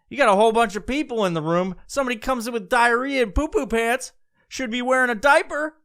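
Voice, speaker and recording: A man rants for laughs in a loose, profane, rambling way, hopping from bit to bit. His voice sits high and bright, with a smooth, crisp sound. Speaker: podcast host. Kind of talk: comedic rant.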